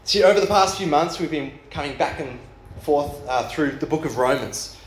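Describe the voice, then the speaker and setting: A man's voice: fairly high pitch, moderate pace, echoey room, a little hiss or hum. A man who is the pastor for youth and young adults, giving a sermon in a casual, storytelling way. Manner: casual storytelling with rising excitement. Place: church hall.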